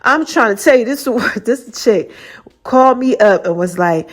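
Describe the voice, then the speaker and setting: A woman's voice: a little high, expressive, unhurried. A woman podcast host telling a faith testimony in a casual, slangy way, acting out the voices of people she quotes and laughing often. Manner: laughs often while talking.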